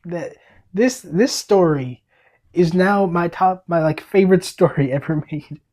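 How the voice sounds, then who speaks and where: A man's voice: high-pitched, a little slow, a little mellow. A young man hosting a read-aloud of a picture book, enthusiastic, with stammering restarts and laughing asides. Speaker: storybook reader, channel host.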